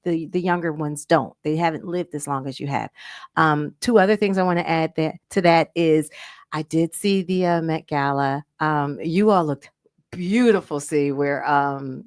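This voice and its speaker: A woman's voice: deep voice, moderate pace, no echo, clean studio sound. A woman co-hosting a casual talk show, speaking earnestly and reflectively with frequent restarts. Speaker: co-host.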